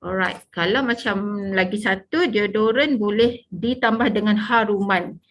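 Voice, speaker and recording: Woman trainer, relaxed explainer who keeps checking her listeners follow. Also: mid-range voice, normal speed. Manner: casual, checks understanding with "okey?" and "faham tak?". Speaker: product trainer.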